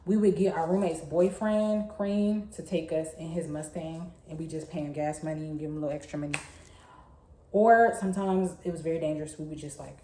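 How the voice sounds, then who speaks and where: A young woman, telling a story in a chatty, animated way. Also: sits low, fairly quick, slight background noise. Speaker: vlogger. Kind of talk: casual storytime. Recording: echoey room.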